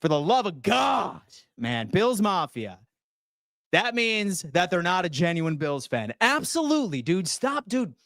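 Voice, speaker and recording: A man hosts a sports fan show in a high voice that leaps up and down as he rants. He is loud, profane and fired up while answering chat. The sound is dry and close. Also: big pitch swings, unhurried, creaky, no echo. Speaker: sports channel host. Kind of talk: fan rant reading chat.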